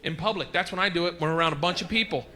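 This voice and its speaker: A male stand-up comedian telling brash, animated stories with big shouted punchlines, recorded live on a comedy stage through a handheld stage mic. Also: on the high side, rapid-fire. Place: comedy stage in front of an audience.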